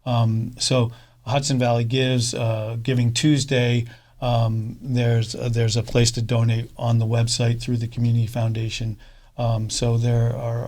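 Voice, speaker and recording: A middle-aged man speaking in a casual interview as a fund co-founder, halting often with fillers and restarts. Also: mid-range voice, darkish tone.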